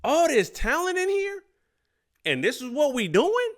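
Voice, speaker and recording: A man's voice: extremely high pitch, huge pitch swings, measured pace, pitched above the performer's own voice, full character voice. A man voicing a fed-up football player. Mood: exasperated. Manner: exasperated, pleading, slangy.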